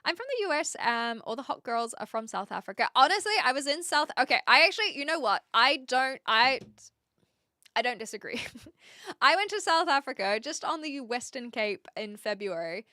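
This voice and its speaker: An Australian woman chats casually with her live stream viewers, often restarting sentences as she answers the chat. Her high-pitched voice is sing-song, bright, and forceful at a normal speed, captured in clean studio sound with no room sound.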